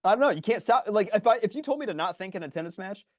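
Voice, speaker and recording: A fast-talking man with a fairly high voice that leaps all over the place as he tells a story in casual podcast chat. He swears freely and acts out his own yelling. The sound is dry and close. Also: animated, no room sound. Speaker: podcast co-host.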